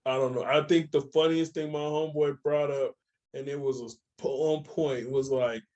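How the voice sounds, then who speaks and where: Animated, storytelling man, slightly high voice. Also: normal speed, muffled recording. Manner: animated storytelling, acts out quoted people. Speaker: podcast co-host. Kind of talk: casual chat.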